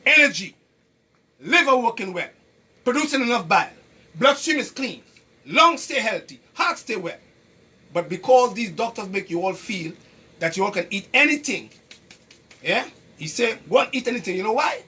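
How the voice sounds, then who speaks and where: A man's voice: high voice, sing-song, normal speed, long pauses, pushed and bright, breathy edge. Emphatic Caribbean man preaching about health. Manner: preachy, emphatic, repeats points and quizzes listeners. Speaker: health educator. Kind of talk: lively health talk to an audience.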